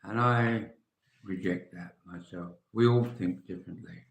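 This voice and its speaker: Slow, low-voiced older English man. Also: gravelly. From England. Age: 70s. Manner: rambling, frank, trails off quietly at phrase ends. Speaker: vlogger. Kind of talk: casual live-stream chat. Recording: echoey room.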